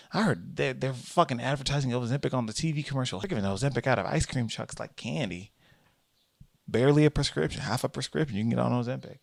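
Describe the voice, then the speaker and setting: A man records a casual vlog monologue, rambling and animated as he corrects himself mid-sentence. His voice has a gravelly edge. The sound is dry and close. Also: mid-range voice, no room sound. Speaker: vlogger and comedian. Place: in transit, Boston.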